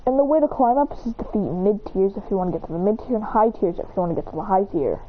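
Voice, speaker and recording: A woman's voice: mid-range voice, fast. Rambling woman telling a story over a tinny line. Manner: rambling, with frequent self-corrections. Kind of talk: casual improvised storytelling. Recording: tinny phone-like sound.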